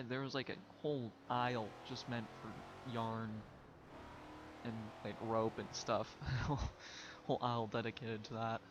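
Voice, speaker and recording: A man's voice: mid-range voice, background noise. A young man, a vlogger, telling a story in a casual way and laughing often as he talks.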